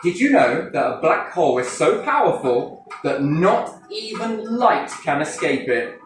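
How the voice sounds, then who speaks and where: A man's voice: fairly high pitch, a little slow, soft background music. Cheeky man in echoey room. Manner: animated, cheeky, swears freely, acts out quotes. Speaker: speaker addressing a group. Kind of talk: playful, rambling monologue. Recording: echoey room, distant mic, faint noise.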